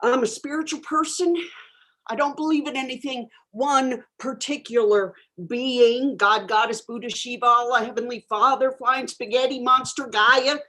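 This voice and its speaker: A woman's voice: fairly high pitch, fairly even intonation, normal speed, bright, forceful tone. A woman playing a flaky, self-absorbed new-age guru of sex and spirit, rambling dreamily in improvised character comedy over a video call from a bedroom. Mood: spacey. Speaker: improv performer. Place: home bedroom.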